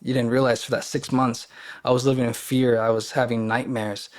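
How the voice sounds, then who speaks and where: Male podcast guest, mid-pitched, earnest and emotional as he tells his story. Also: flat delivery, brisk. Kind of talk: casual storytelling.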